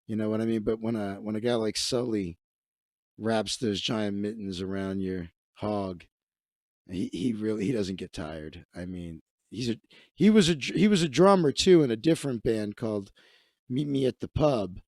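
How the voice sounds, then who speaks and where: A man's voice: fairly low pitch, lively intonation, normal speed, a little mellow, no room sound, studio quality. A man hosting a comedy livestream, riffing crudely and profanely with lots of restarts. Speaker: livestream host. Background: faint music playing.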